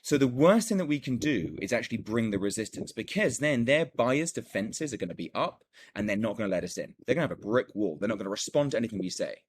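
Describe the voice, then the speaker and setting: A man with a slightly low, husky voice teaches a recorded sales lesson. He talks eagerly, repeats himself and skips details with "done, done, done". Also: animated, quick pace. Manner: enthusiastic, repeats words and fills gaps with "done, done, done". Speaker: sales coach.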